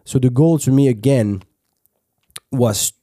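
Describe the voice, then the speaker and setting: Speaking slowly in a mellow, medium-pitched voice, a French-accented man from France hosts a podcast, offering relaxed advice in a casual monologue. He curses liberally and frequently starts his sentences over; the studio-quality recording has no room sound.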